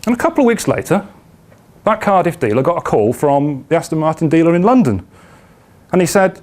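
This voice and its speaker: A man's voice: mid-range voice, animated, fast talker, a little mellow. A man with a South Welsh accent giving a self-deprecating, storytelling talk at a business networking meeting. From South Wales. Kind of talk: anecdotal presentation.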